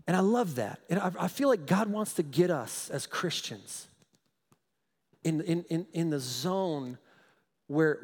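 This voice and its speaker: A male pastor preaching a sermon, emphatic and animated, repeating phrases for stress. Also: on the high side. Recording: long reverb of a large hall.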